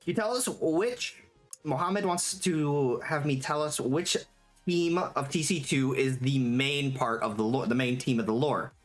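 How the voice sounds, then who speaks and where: A live streamer chatting casually while working, reading chat aloud, swearing freely and quick to get excited and laugh. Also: medium pitch. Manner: gets excitable and laughs easily. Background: faint background music.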